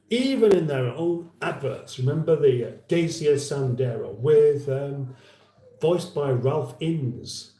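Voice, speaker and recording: A man's voice: a little high, slow, mellow, roomy sound. Chatty man on a livestream. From United Kingdom. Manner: chatty, rambling, reads out viewer comments. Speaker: livestream host. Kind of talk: casual livestream chat.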